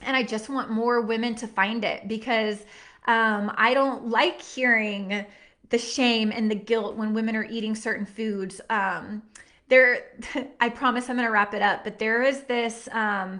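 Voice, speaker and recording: A woman's voice: a little high, fairly bright tone. A woman in her thirties hosting a nutrition workshop, talking in an earnest, heartfelt and chatty way with plenty of fillers. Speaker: workshop host and nutrition coach. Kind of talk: encouraging live workshop talk.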